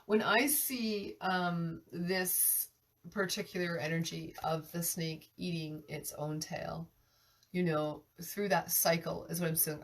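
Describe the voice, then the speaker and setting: A woman's voice: on the low side, far from the mic. A woman with a cold giving an earnest live tarot reading, often restarting her sentences as she talks about what she senses. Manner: earnest, restarts often, speaks of sensing energies. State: has a cold, coughing. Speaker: tarot reader.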